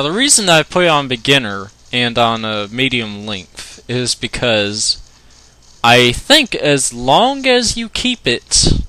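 Man, let's play commentary, goofy jokes, bouncy swooping pitch, slow drawl. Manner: joking, goofy, yells when in a fight. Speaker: gaming commentator.

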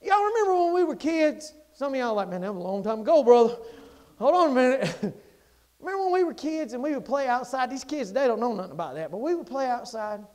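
A male pastor preaching a sermon in a folksy, animated way, swinging from loud to hushed. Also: very high voice, quick pace.

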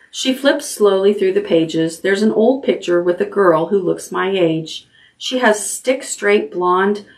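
Librarian lady reading a bedtime chapter book, lowish calm voice.

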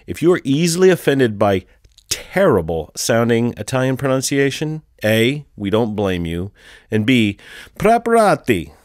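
A man reads a jokey podcast intro in a fairly low voice that swoops up and down a great deal. His delivery is playful, and the recording is dry and close. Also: darkish tone, no echo. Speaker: podcast editor. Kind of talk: scripted show intro.

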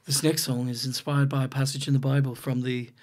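A man doing a grave, hushed rock-star intro. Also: little pitch movement, close to an everyday voice. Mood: solemn. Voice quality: low, grave and measured, trailing into a whisper. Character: impression of a famous male singer giving a solemn spoken intro.

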